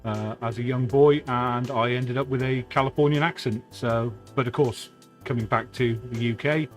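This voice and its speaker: A man with a Gloucestershire English accent, the producer behind the stream, chats in a relaxed, rambling way full of pauses. His voice sits at an everyday middle pitch. Faint music plays underneath. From England. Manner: relaxed, reminiscing, halting with fillers. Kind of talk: casual live-stream chat.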